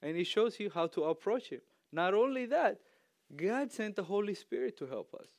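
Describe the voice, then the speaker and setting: A man's voice: high-pitched, very animated, moderate pace, dry recording. Chatty man preaching a casual sermon. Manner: conversational, chatty, laughs easily. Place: church.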